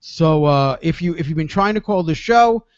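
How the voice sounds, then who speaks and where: A man's voice: fairly high pitch, lively intonation, moderate pace, clear, resonant tone, dry recording, dull audio. A man hosting a casual radio show, telling stories in a rambling, laughing way.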